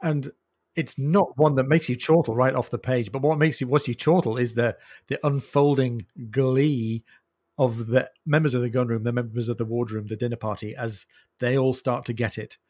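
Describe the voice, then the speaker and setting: A man's voice: mid-range voice, steady tone, normal speed, darkish tone. A man hosting a book discussion podcast, talking through funny passages with enthusiasm. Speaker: podcast host.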